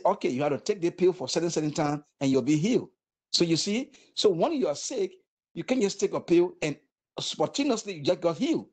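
A man in his sixties, a war veteran from Africa, telling his story earnestly in a halting way with many repeated words. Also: fairly high pitch, darkish tone. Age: 60s. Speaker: interview guest, war veteran. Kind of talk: emotional personal testimony.

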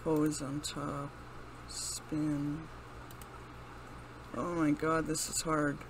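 With a deep voice, little pitch movement and an unhurried pace, a woman runs casual let's-play commentary on her own gaming channel. She reads the commands out loud, laughs and exclaims while playing, and background noise is audible.

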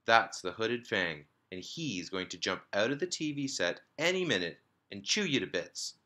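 A man's voice: lowish voice, expressive, sharp tone. A man voicing a bossy older sister who teases her little brother, reading a children's storybook aloud. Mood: taunting. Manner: taunting, drawn-out.

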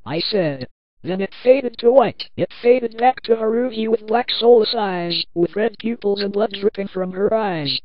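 A woman reads a first-person horror story aloud in a plain, earnest way, at a middling pitch. The recording is muffled and lo-fi, with a dry, close sound and no room around it. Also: a little slow, no echo. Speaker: narrator.

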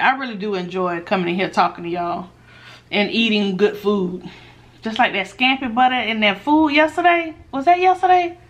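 A woman chatting casually while she eats on camera, reading viewer questions aloud and answering in a laid-back, animated way that often breaks into laughs. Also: mid-range voice. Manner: animated, laughs often when telling stories. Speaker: mukbang vlogger.

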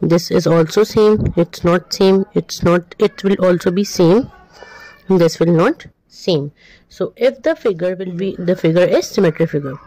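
A woman walks through a children's maths workbook, giving answers in a plain, step-by-step way. Her voice sits a little low and sounds mellow and warm. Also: measured pace, no room sound, poor audio. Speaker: maths tutor. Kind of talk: workbook walkthrough lesson.

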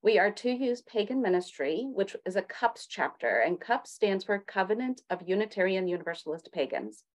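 A woman's voice: medium pitch, expressive, moderate pace, few pauses. Woman introducing a church ministry. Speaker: ministry co-leader. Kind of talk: church talk.

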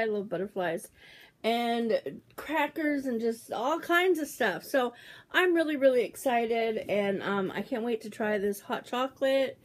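A woman in her forties, opening a package on a casual vlog, talking excitedly with lots of fillers. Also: a little high. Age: 40s. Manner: gushing, excitable, trails off with fillers. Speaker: YouTuber opening a mail package.

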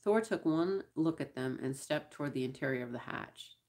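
A woman reading a science-fiction novel aloud in first-person narration, measured and wry. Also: low-pitched, expressive, a little mellow. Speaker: audiobook reader.

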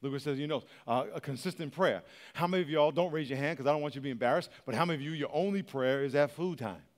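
High-voiced American pastor preaching in a big hall. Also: male voice, rapid-fire. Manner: lively storytelling with acted-out quotes; calls on the congregation to repeat after him. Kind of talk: sermon. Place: large church hall. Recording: long hall reverb.

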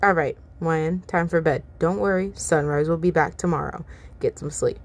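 A woman voicing a calm male robot night caretaker in a fan fiction reading, speaking softly and reassuringly, a little lower than her own voice. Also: normal speed. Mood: gentle.

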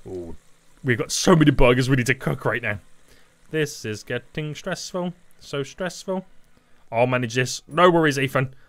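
A young man giving excitable, jokey commentary over gameplay, talking to chat and teammates. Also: mid-range voice, normal speed. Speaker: gaming YouTuber. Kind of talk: energetic Roblox gameplay commentary.

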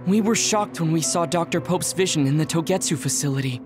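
Actor playing a level-headed young officer, measured and reasonable, faint game music. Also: male voice, a little high, close to an everyday voice.

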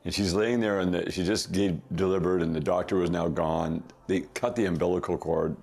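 A middle-aged man casually telling a family story as a podcast guest, chuckling often and throwing in quick asides. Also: deep voice, fairly even intonation, vocal fry, a little mellow.

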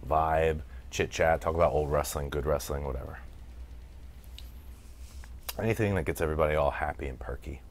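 A man's voice: rumbling low, normal speed, long pauses. An American man doing casual let's-play commentary as a gaming streamer, chatty, laughing often and swearing freely while he reads the chat. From United States.

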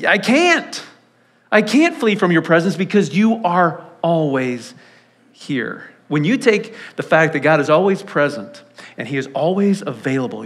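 A high-pitched man preaching a sermon in a church sanctuary. He tells stories with lively, animated delivery and jumps into quoted voices along the way. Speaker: pastor.

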